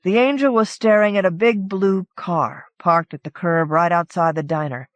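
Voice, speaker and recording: A woman's voice: on the low side, moderate pace, no echo, muffled recording. A woman reading a short story aloud in a casual, conversational first-person telling. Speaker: audiobook narrator. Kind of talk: scripted narration of a short story.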